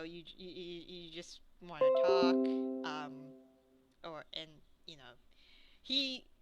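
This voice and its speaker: Slow, bright-voiced woman game master. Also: medium pitch. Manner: rambling, with many fillers and restarts. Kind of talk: narrating a tabletop game.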